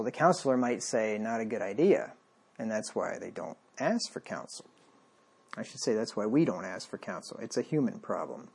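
Husky-voiced man preaching conversationally. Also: medium pitch. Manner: conversational, wry, acts out the king's lines. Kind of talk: sermon with scripture reading.

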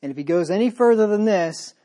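A man's voice: high voice, expressive, quick pace, dark tone. A man preaching a sermon, reading scripture aloud and then explaining it plainly in a conversational way, often checking in with "right?". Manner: conversational, with frequent "right?" and "you know". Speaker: pastor.

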